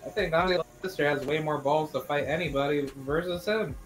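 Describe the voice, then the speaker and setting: A man's voice: fairly high pitch, fairly quick, soft background music, low-quality recording. A man on a podcast, talking scornfully in casual chat. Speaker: podcast co-host.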